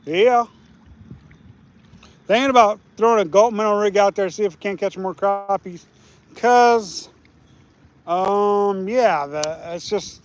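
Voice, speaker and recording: Man with a high voice, easygoing rambling streamer, chatting to viewers while fishing outdoors. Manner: easygoing, rambling, restarts often. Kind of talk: casual live stream chat. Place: outdoors by a lake.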